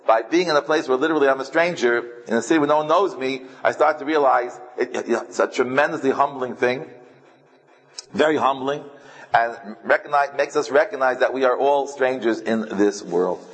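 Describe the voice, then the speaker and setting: Rambling rabbi in a reverberant hall. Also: male voice, mid-range voice, husky. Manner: rambling, halting, humorous. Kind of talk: sermon with storytelling.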